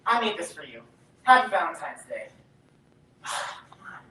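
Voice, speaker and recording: Actress as anxious underdog boy, stage musical, unhurried and lively in pitch, distant echoey auditorium recording. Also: a little hiss or hum, heavily acted. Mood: nervous. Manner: nervous, self-doubting, sings and talks to himself. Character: anxious, hopeful young boy, eternal underdog. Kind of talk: stage musical theater acting. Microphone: distant, recorded from the audience. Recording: echoey hall from far off with music.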